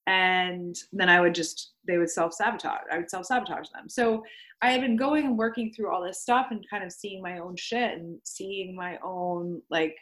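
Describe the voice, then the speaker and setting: A woman's voice: on the low side, fairly even intonation, moderate pace, a bit bright. A young woman, a podcast guest, candidly telling her story in casual speech full of "like" fillers and the odd swear word. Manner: chatty, swears freely, many "like" fillers.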